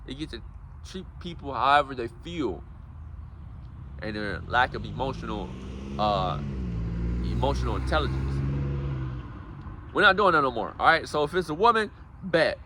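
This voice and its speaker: Bright-voiced man giving a preachy talk. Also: mid-range voice, very animated, normal speed, pauses often, slight background noise. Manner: preachy, addresses viewers as guys and bro. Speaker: self-help speaker. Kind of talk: casual motivational talk.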